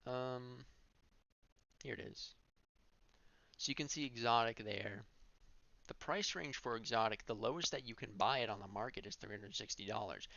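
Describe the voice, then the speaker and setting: A man's voice: medium pitch, moderate pace, creaky, long pauses, pushed and bright, dull audio. A male streamer giving gameplay commentary, thinking aloud and correcting himself as he goes.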